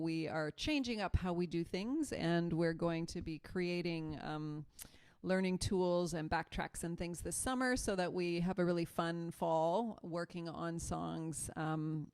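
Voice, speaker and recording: A woman's voice: lowish voice, a little mellow, smooth. A woman co-hosting a choir live stream in casual chat, a rambling storyteller full of fillers and restarts, talking into a mic set a little away from her. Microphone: mic set away from her, not in front of her mouth.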